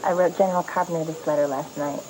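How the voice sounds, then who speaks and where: A woman's voice: low voice, fairly even intonation, fast talker, close to an everyday voice, poor audio. A woman playing a frantic young student. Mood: defiant. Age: young adult. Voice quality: agitated, pleading. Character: young female student, anxious and defiant. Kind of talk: 1990s TV soap opera acting. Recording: TV audio with music underneath.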